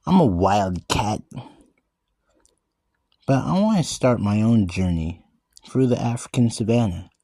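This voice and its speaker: A man giving an earnest in-character monologue, talking haltingly with restarted words and often calling out to everyone. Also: fairly low pitch, lively intonation, mellow, dry recording, studio quality. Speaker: vlogger describing himself as a wildcat.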